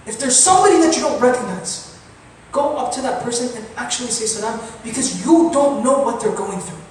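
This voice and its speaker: A man's voice: extremely high pitch, expressive, brisk, a little hiss or hum. A man giving a sermon-style talk as an imam, an earnest storyteller who builds to impassioned appeals. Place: large mosque hall. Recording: very echoey hall from far off.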